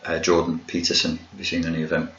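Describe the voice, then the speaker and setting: A man's voice: low-pitched, monotone, fast talker, a bit bright. A British man hosting a podcast, talking casually, joking and swearing freely. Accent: British English. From Britain. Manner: joking, swearing, mocking, chatty. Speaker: podcast host and life coach. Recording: echoey room, dull lo-fi sound.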